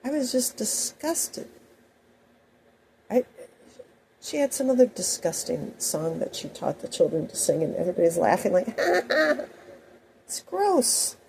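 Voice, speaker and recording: Woman with a gravelly dark voice rambling thru a personal story, lots of asides, faint hiss behind. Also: lowish voice, very animated, moderate pace, pauses often, rough recording. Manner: rambling, anecdotal, many asides. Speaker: host.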